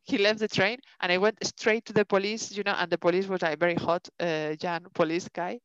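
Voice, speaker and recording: A woman co-hosting a podcast, telling a story in a casual, animated way, swearing and acting out what people said. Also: on the low side, fairly quick, smooth, dry recording. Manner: animated, swears a lot, acts out dialogue. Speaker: podcast co-host. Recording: dull lo-fi dry sound.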